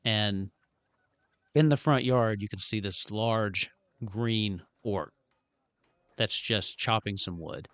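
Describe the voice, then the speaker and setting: A man's voice: fairly low pitch, slow pace, long pauses, no room sound. A man narrating a tabletop game as game master, describing scenes in a loose, rambling way. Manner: relaxed, rambling descriptions with fillers.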